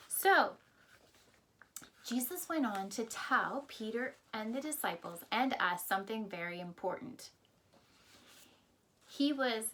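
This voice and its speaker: A woman teaches a Sunday school class in a Bible storytelling style. Her voice sits at an ordinary middle pitch. She explains things simply and keeps turning to her listeners with little reminders of what they learned before. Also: pushed and bright.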